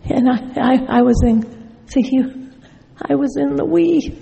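A woman's voice: high voice, fairly even intonation, moderate pace, gravelly, pauses often, mellow, in a large hall, rough recording. A woman sharing her recovery story in a wry, storytelling way, acting out remembered conversations. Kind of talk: personal testimony talk.

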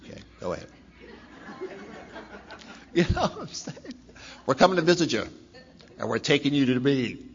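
A man's voice: mid-range voice, lively intonation, brisk, creaky, long pauses. A middle-aged man giving a rambling personal testimony, repeating phrases and laughing as he talks. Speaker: speaker sharing recovery story. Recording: dull lo-fi recording with faint noise.

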